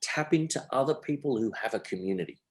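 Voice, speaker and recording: A man's voice: mid-range voice, quick pace. Emphatic Australian businessman. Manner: energetic, emphatic, repeats phrases. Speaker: entrepreneur guest. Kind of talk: podcast interview.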